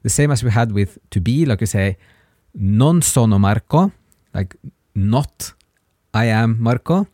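Patient man teaching in a lively voice. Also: fairly low pitch, dry recording, studio quality. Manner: patient, repeats words slowly for learners. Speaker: language teacher, podcast host. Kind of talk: casual podcast lesson.

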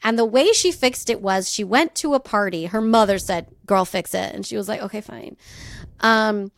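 A woman's voice: medium pitch, normal speed, dry recording. A woman from California co-hosting a podcast, telling a history story in casual chat, laughing often and acting out quoted voices. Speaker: podcast co-host.

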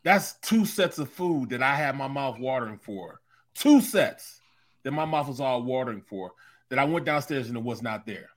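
A middle-aged man co-hosting a sports talk show, telling a story with animated, joking exasperation. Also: medium pitch, normal speed. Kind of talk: casual sports talk banter.

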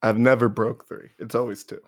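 A man's voice: mid-range voice, level tone, a little fast, no room sound. A man co-hosting a podcast, chatting casually and joking with a rambling, laughing manner. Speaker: podcast co-host. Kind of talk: casual chat.

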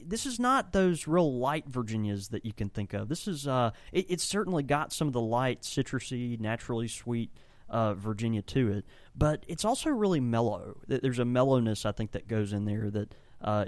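A man's voice: mid-range voice, big pitch swings, moderate pace, no echo. A man who owns a tobacco shop, chatting enthusiastically in a rambling way and often restarting his sentences. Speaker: tobacco shop owner and blender. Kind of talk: casual podcast chat.

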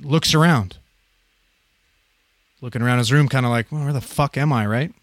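A man's voice: medium pitch, moderate pace, no echo. A man in his thirties, a paramedic, casually telling a story with lots of swearing and acted-out voices. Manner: profane, animated, acts out quoted voices.

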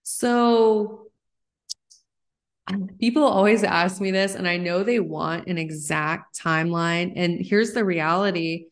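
A woman in her thirties, a psychologist guest on a podcast, explaining ideas in an animated, excited way. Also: on the low side, slow. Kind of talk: podcast interview.

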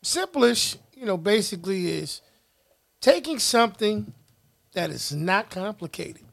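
A man's voice: high voice, lively intonation, a little slow, creaky, fairly bright tone. A man co-hosting a podcast, easygoing and reflective in casual chat. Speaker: podcast co-host.

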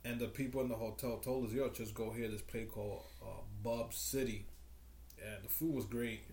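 A man's voice: mid-range voice, steady tone, moderate pace, a little mellow, roomy sound, slight background noise. A man co-hosting a podcast, telling stories in a rambling, laid-back casual chat. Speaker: podcast co-host.

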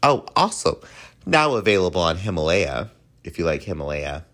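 A man with a notably deep voice wraps up his own podcast in a relaxed, chatty way. He leans into words with playful, swooping emphasis. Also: a little fast. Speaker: podcast host. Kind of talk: casual podcast sign-off.

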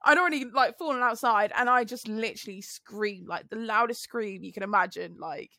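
A woman's voice: on the high side, brisk, sharp tone, no room sound. A young woman telling a story on a podcast in casual chat, laughing often and acting out the voices of others. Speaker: podcast co-host.

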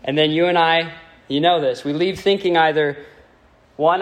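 A man's voice: on the high side, steady tone, a little fast. A man preaching a sermon to a congregation, speaking in a conversational, playful way and putting questions to his listeners.

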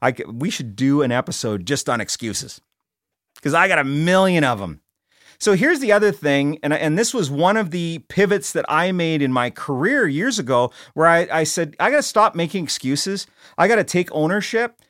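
A man's voice: a little high, lively intonation, moderate pace, a bit bright, no room sound. A middle-aged man hosting a podcast in a studio, talking bluntly and casually, often restarting and repeating words. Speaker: podcast host. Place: recording studio.

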